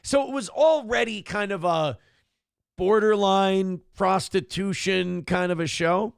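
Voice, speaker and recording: A man's voice: sits high, measured pace, vocal fry, clean tone, dry recording, studio quality. A man hosting a live-streamed morning talk show, rambling and mocking in casual commentary and reading out donors' messages. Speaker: livestream show host.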